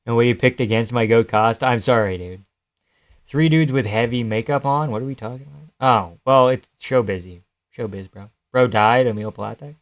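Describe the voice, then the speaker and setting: A man's voice: mid-range voice, normal speed. Casual young man streaming fight reactions. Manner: loose, profane, chatty, reads and answers chat. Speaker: live streamer.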